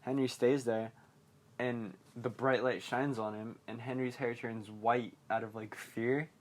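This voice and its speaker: A man's voice: mid-range voice, fairly even intonation, unhurried. Rambling man recapping a movie. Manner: rambling, filler-heavy, laughs at his own jokes. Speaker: podcast host.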